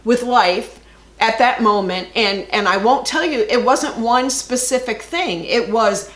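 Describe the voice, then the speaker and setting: A woman's voice: fairly high pitch, a little slow, echoey room. A woman co-hosting a podcast, explaining herself in an earnest way in casual chat. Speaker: podcast co-host.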